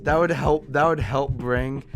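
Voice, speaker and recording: A man with a middling voice co-hosts a casual podcast chat. He talks haltingly and his sentences trail off quietly, with guitar music audible behind him. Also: medium pitch, steady tone. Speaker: podcast co-host.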